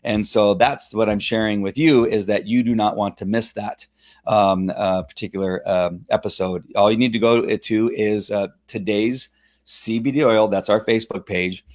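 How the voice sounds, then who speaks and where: A man hosting a casual live online show, talking in a halting, rambling way with lots of fillers and restarts, at times choked up while reading a viewer's story. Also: fairly low pitch, steady tone, darkish tone. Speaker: host of a Facebook Live show. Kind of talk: casual live-stream talk, reading a testimonial aloud.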